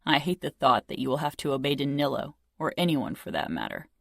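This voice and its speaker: A woman's voice: rumbling low, very animated, fairly quick, vocal fry, no room sound, studio quality, full character voice. A woman voicing a stern, protective young man, speaking in a clipped, grim way.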